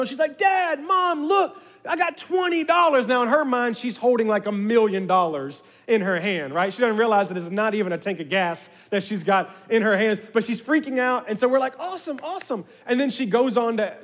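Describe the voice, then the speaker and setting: A man's voice: high voice, long reverb tail. A male pastor preaching a sermon, telling stories and drawing in his congregation. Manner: storytelling, animated with his congregation.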